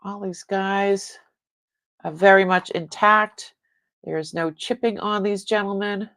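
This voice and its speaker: A woman's voice: medium pitch, steady tone, unhurried, a bit bright, dry recording. A woman hosting a live online jewelry sale, chatting casually with viewers and rambling, often breaking off mid-sentence. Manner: chats with viewers reading comments.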